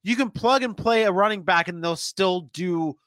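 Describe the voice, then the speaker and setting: Bright-voiced man chatting about sports. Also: sits high, moderate pace, dry recording. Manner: chatty, thinks aloud with restarts and hedges. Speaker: sports podcast co-host. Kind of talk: casual sports podcast chat.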